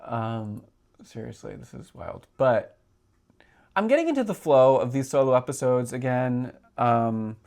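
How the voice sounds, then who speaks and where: Chatty male podcast host, gravelly voice. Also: medium pitch, animated, unhurried, darkish tone. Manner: chatty, rambling, lots of filler words. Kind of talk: solo podcast chat.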